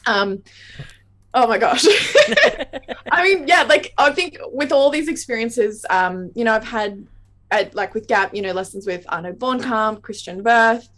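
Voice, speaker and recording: A woman's voice: on the high side, animated, measured pace, a bit bright. An Australian woman in her thirties, a saxophonist guest chatting in an interview, talking in tumbling bursts and laughing often. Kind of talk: casual interview chat.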